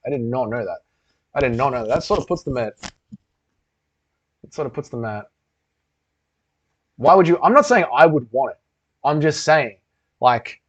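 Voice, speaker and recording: A man hosting a casual livestream, reading comments and rambling with lots of swearing. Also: mid-range voice. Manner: loose, rambling, swears a lot. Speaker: livestream host. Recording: dull lo-fi stream audio.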